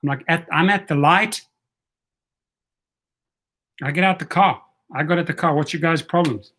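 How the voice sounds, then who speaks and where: A man's voice: fairly high pitch, moderate pace, pushed and bright. A man telling a story in a casual vlog, blunt, profane and fired up. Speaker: rideshare vlogger.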